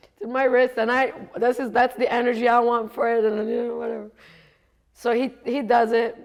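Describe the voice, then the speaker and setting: A woman's voice: mid-range voice, vocal fry. A woman coach telling a personal story in a chatty way, laughing often and acting out what others said. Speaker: coach and speaker.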